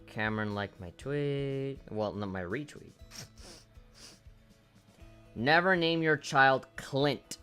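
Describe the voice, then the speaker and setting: A man's voice: medium pitch, animated, slow pace, pauses often, pushed and bright, clean tone. A man streaming a game, chatting casually in a rambling, laid-back way and swearing often. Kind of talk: casual live-stream chat. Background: game music.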